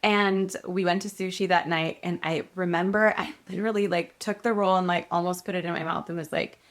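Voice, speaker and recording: Lower-voiced woman telling a lively story. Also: a little fast. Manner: animated storyteller, acts out quoted voices. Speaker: guest actress. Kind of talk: casual storytelling in an interview.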